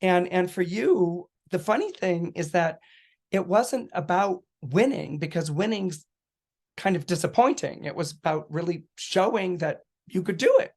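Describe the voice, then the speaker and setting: Chatty man with a fairly high voice. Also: measured pace. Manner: animated storyteller, acts out quoted voices with laughs. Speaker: astrologer podcast guest. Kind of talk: casual explanatory talk.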